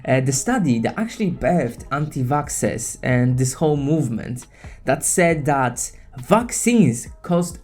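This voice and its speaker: A woman YouTuber delivering an angry, profane comedic rant, with sudden bursts of shouting. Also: rumbling low, sing-song, unhurried. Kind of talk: comedic ranting vlog.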